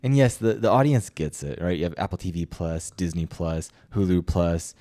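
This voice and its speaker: A man's voice: low-pitched, moderate pace, warm tone. A man co-hosting a podcast in casual chat, wry and opinionated. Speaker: podcast co-host.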